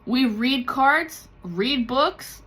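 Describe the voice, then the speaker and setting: A woman who reads tarot and makes spiritual content talks raw and confessional in an emotional personal vlog, swearing freely and slipping into the voices of people she quotes. Her voice is high-pitched, a bit bright and slightly rough, animated but extremely slow.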